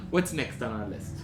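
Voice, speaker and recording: A woman co-hosting a podcast, chatting casually and trailing off as she hedges. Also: sits low. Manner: lively, chatty, trails off with hedging. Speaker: podcast co-host. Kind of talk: casual chat. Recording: echoey room recording.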